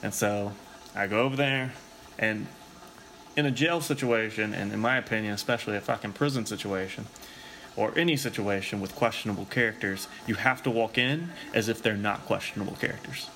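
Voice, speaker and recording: A man tells a rambling, casual story in a lowish voice, peppering nearly every sentence with swearing and "like". His delivery is loose and conversational, as on a chat podcast. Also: a little fast, bright, forceful tone, a little hiss or hum. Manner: rambling, profane, heavy use of filler "like".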